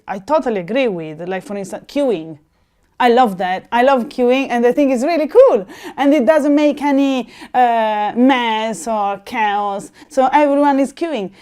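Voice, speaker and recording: Italian woman, smooth and animated. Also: on the high side. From Italy. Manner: animated, laughing often, frequent fillers and restarts. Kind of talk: casual chat.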